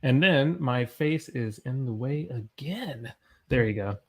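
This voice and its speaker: A young American man teaching English on a live stream, energetic, his voice jumping high whenever he gets excited. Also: slow pace. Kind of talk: live-streamed language lesson.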